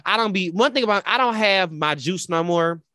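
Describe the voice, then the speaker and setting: A man co-hosting a casual talk show, telling a personal story in a dramatic, animated way and quoting the people in it. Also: sits high, brisk, no echo, studio quality. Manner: animated, dramatic retelling with quoted voices. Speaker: podcast co-host.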